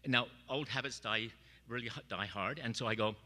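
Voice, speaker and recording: A middle-aged man speaking at a memorial, telling personal stories in an animated way and acting out the voices he quotes. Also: mid-range voice, brisk, in a large hall. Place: church sanctuary.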